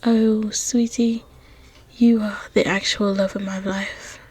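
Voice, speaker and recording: A woman voicing a lovestruck royal spouse, slow, melodramatic and doting. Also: medium pitch, flat delivery, a little mellow, breathy edge. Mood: swooning.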